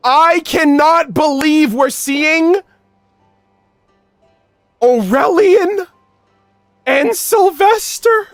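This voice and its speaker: A streamer giving live game reaction commentary, excitable and exclamatory, talking straight to chat. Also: sits high, very slow, pauses often, no echo, studio quality, soft background music.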